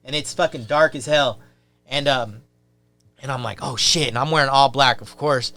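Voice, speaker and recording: Bright, clear-voiced man telling a rambling story. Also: medium pitch, moderate pace. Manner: rambling, full of filler and swearing. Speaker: podcast guest. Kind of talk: casual storytelling.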